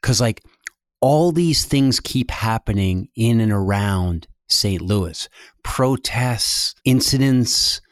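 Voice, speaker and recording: A man's voice: fairly low pitch, expressive, slow pace, no echo, studio quality. A man interviewing a guest, asking questions in a curious, conversational way.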